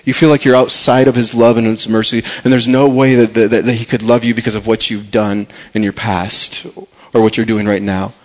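A male pastor delivers a sermon earnestly, repeating words for emphasis and letting key phrases drop soft and low. His delivery is flat and a little fast, with few pauses.

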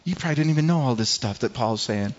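A man from Michigan preaching a sermon as pastor, earnest and conversational, swinging from soft murmurs to loud declarations. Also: mid-range voice, lively intonation, quick pace. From Michigan, USA. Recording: dull lo-fi sound.

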